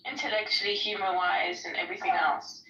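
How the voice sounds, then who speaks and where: A woman's voice: mid-range voice, fairly even intonation, fairly quick, sharp tone. Brief: candid, chatty woman guest, casual profanity; dull lo-fi sound, echoey room. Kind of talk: casual chat. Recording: roomy, dull, distant mic.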